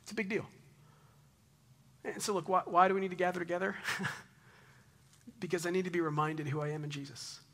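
A man in his thirties preaching a conversational sermon, telling stories in an animated way and closing in prayer. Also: sits high, brisk, pauses often. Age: 30s. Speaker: pastor.

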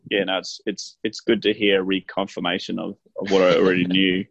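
A man's voice: deep voice, flat delivery, brisk, vocal fry, slight background noise. A man who hosts a podcast as a financial advisor, chatting casually with dry self-mocking humour. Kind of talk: casual chat. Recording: dull, dry lo-fi recording.

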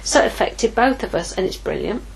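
A woman's voice: mid-range voice, lively intonation, brisk, vocal fry, slightly rough, poor audio. A middle-aged woman giving an informal sermon, telling a personal story candidly and acting out her own inner dialogue. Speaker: ministry leader preaching.

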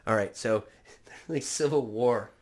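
A man's voice: mid-range voice, slow, darkish tone. A man co-hosting a casual chat, crude and joking, rambling through stories. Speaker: podcast co-host.

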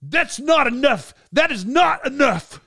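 A man voicing a furious male movie star who shouts at his film crew. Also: sing-song, a little slow, no echo, clean studio sound, full character voice. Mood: angry. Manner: shouting, high and strained.

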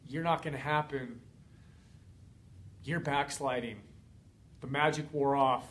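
A man voicing a huge taunting gorilla that mocks and belittles the listener in a low, quiet sneer. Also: steady tone, takes it slowly. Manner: sneering, lower and quieter than his own voice. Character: huge taunting male gorilla, mocking and cruel.

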